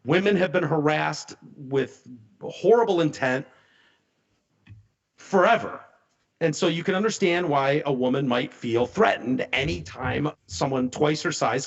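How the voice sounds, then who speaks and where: A man co-hosting a casual podcast, retelling a story with animated delivery and acting out the voices of the people in it. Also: a little high, vocal fry, highs cut off. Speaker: podcast co-host.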